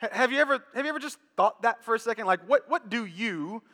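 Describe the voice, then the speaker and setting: A man preaching a sermon in an animated, joking, repetitive way, in a church. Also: extremely high pitch, quick pace. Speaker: pastor. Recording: echoey church hall.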